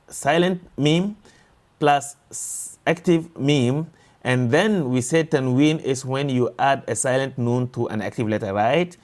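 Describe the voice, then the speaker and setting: A man teaching a recorded lesson, explaining slowly and patiently, repeating each sound and drilling examples. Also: mid-range voice, darkish tone. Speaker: Quran tajwid teacher.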